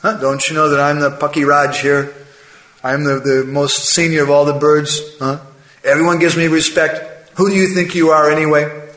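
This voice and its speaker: A man's voice: mid-range voice, fairly even intonation, normal speed, a bit bright, close to an everyday voice. A man voicing a boastful, overfed male crow who swaggers, taunts and later begs, in a storytelling talk. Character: boastful fat male crow, proud then terrified. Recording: echoey room.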